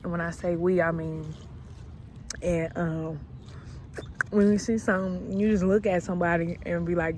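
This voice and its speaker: A woman vlogger tells a story in a chatty, unhurried way, full of slang. She talks casually to her viewers. Loud outdoor and traffic noise sits clearly behind her voice. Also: lowish voice, steady tone. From Alabama, US South. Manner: laid-back, slangy and chatty. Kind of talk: storytelling vlog.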